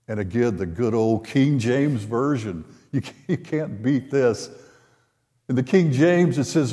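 An older man preaching a sermon, retelling a scripture story in an unhurried way and voicing the quoted lines. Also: mid-range voice, lively intonation, warm tone. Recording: long hall reverb.

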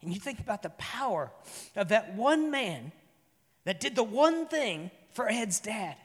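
A man preaching a sermon as pastor, telling a story earnestly and moving between loud and soft delivery. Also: high-pitched, big pitch swings, unhurried, breathy edge, in a large hall. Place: church sanctuary.

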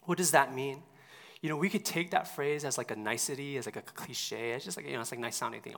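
A man preaching a sermon in a casual, conversational way with many fillers. He drops to a hushed near-whisper and then builds up to loud, emphatic points. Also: mid-range voice, animated, moderate pace, creaky. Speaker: pastor.

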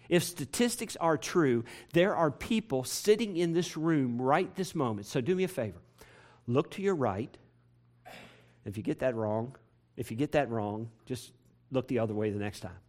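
In a church sanctuary, a medium-pitched pastor preaches a sermon to his congregation. He repeats phrases and builds up to loud, emphatic peaks.

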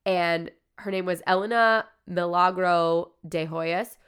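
Woman, podcast host, low voice, smooth tone, casual story chat, swears a lot. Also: fairly even intonation, measured pace, fairly bright tone. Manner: loose, profane, lots of "like".

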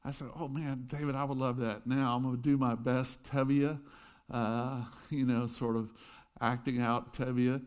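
A middle-aged pastor telling a lively story in his sermon, with chuckling asides. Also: medium pitch, moderate pace.

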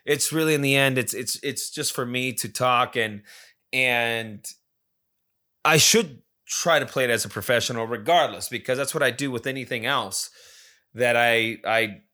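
Brief: male solo podcast host, English as a second language, loose profane rambling, bright tense tone. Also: mid-range voice, normal speed. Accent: non-native English. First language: not English. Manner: rambling, profane, many restarts and repetitions. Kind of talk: casual solo podcast monologue.

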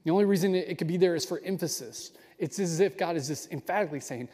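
A man's voice: a little high, fast talker, hardly any pauses, mellow, breathy edge. A man giving a sermon in an earnest, enthusiastic way, often restarting his phrases. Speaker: pastor. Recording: long hall reverb.

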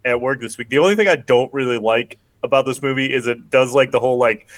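A man with a middle-pitched voice recapping a film on a podcast, rambling and filling every pause with "like". The sound is dry and close. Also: no echo. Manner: rambling, heavy on "like", quick bursts. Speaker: podcast host. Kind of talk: casual chat recapping a film.

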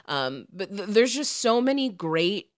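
A woman's voice: mid-range voice, very animated, a little slow, no echo, studio quality. A woman co-hosting a podcast in casual chat, gushing and laughing often, with lots of filler words. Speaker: podcast co-host.

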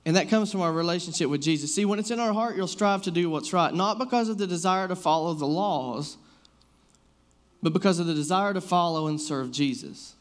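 His voice sits high and he speaks fairly quickly as a man in his thirties giving a relaxed sermon. Personal stories come out loosely and conversationally, with plenty of "like" and similar fillers.

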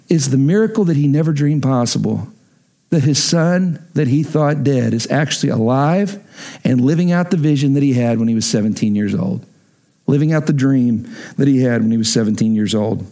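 A man's voice: medium pitch, normal speed, dark tone. A male pastor preaching a sermon emphatically, repeating his key lines for effect.

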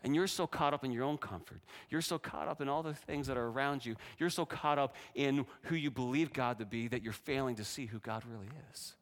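A man in middle age delivers a sermon with animated energy. His voice sits in a middle range, and he acts out each speaker as he tells the story. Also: a little fast, few pauses. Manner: animated, voices God and Jonah with rising pitch and force. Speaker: pastor.

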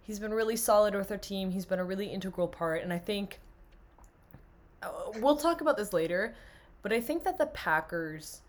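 A woman's voice: medium pitch, expressive, moderate pace, slight background noise. A young woman co-hosting a casual sports podcast, chatty and enthusiastic, laughing often. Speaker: podcast co-host.

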